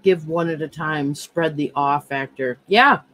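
Slow, low-voiced woman calling a live auction. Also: fairly bright tone, rough recording. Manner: reads viewer comments aloud and calls bids. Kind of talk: live-stream auction chat.

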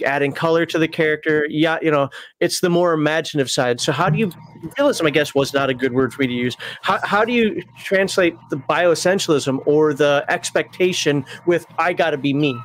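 A man hosting a casual panel discussion, asking questions with many halting restarts. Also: a little high, fairly bright tone, dry recording. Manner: halting, restarts often while framing questions. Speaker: host of a role-playing panel stream.

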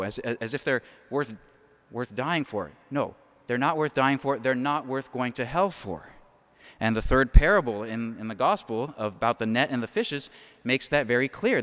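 A man's voice: mid-range voice, smooth. Earnest male priest preaching in a hall. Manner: earnest, animated preaching with quick asides. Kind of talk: homily.

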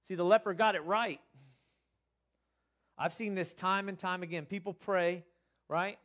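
A man's voice: steady tone, a little slow, a bit bright. Earnest man preaching with swings in volume. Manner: earnest, rising to emphatic bursts then dropping low. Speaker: pastor. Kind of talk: sermon.

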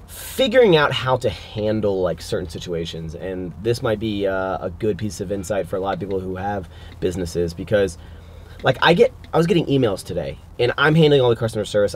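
A man's voice: on the low side, a little mellow, a little hiss or hum. A young man in a casual vlog, talking loosely and profanely, rambling with lots of fillers. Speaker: fitness vlogger.

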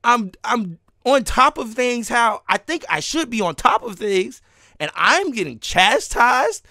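A man's voice: very high voice, sing-song, measured pace, pushed and bright, no echo, studio quality. A man ranting live as a streamer, heated and swearing, with laughs breaking in between lines.

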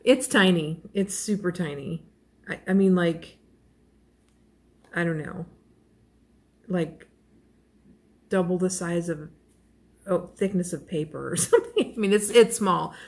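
A woman's voice: lowish voice, unhurried, long pauses, a little mellow. A woman vlogger chatting casually while unboxing a crochet kit, gushing and self-deprecating, rambling with fillers and small laughs.

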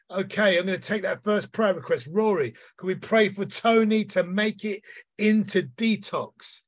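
A man's voice: high voice, moderate pace. A man leading an online prayer meeting, praying fervently and calling on others to pray. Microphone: video call.

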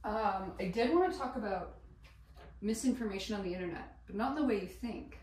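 A woman chatting while she cooks at home, rambling and excitable, swearing casually and laughing as she goes. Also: mid-range voice, a little fast, a little hiss or hum. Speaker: vlogger. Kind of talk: casual cooking vlog chat. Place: home kitchen. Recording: echoey room, voice a bit far from mic.

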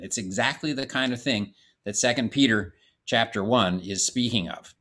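A man giving a measured, explanatory Bible course lecture, reading passages aloud and explaining them. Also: mid-range voice, fairly bright tone. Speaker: Bible teacher. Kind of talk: classroom lecture on scripture.

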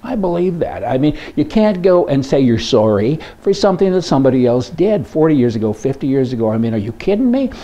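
A man hosts a rambling opinion monologue, telling jokes and firing off rhetorical questions. His voice is dark and mellow. The recording sounds dull and lo-fi. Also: mid-range voice, big pitch swings, brisk, few pauses. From Canada. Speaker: host.

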